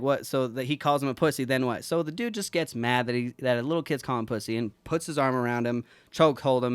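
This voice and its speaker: A man with a medium-pitched, clean voice, recorded dry, hosts a podcast and tells an emotional story. He rambles and swears, but it comes from the heart, like a casual, sincere chat.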